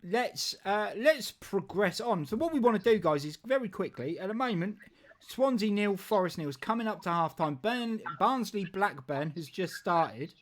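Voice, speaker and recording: A man's voice: high-pitched, lively intonation, normal speed. A man hosting a casual football live stream, rambling and jokey with frequent restarts. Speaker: football show host.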